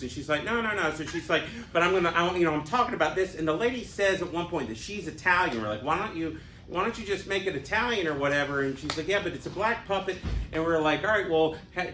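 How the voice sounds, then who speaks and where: A man's voice: fairly high pitch, fairly bright tone. A man, a comedian contestant, telling rambling comic stories and laughing at his own jokes. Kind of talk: storytelling comedy banter. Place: comedy club stage, live audience. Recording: echoey live club with noise.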